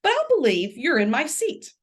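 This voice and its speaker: A woman putting on a chipper British gentleman. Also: high voice, huge pitch swings, moderate pace, voice pushed up. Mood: polite. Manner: polite, cheerful. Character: polite upbeat British male lawyer.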